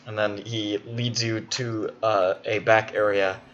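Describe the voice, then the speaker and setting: A man's voice: fairly low pitch, slow pace, a little hiss or hum. Man narrating a tabletop game. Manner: relaxed, hesitant, laughs between lines. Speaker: game master. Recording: dull lo-fi, faint music.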